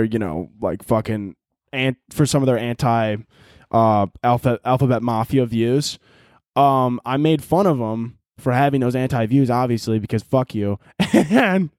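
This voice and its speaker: A man's voice: medium pitch, a little mellow, no echo, clean studio sound. A man hosting his own podcast, rambling through profane comic riffs and cutting himself off mid-thought. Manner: rambling, profane, self-interrupting. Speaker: podcast host. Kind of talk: casual comedic monologue.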